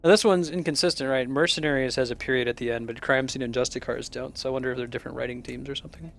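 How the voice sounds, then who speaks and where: A man's voice: medium pitch, fairly even intonation, racing, gravelly, fairly bright tone. A man casually commenting while streaming a game, with chatty, musing asides. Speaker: gaming streamer. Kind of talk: casual let's-play commentary.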